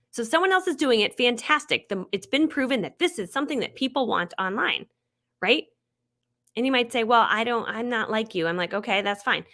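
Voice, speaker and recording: A young woman runs a live marketing webinar in a slightly high voice. She talks really fast and gets excited, bubbly and chatty as she teaches. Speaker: online marketing trainer.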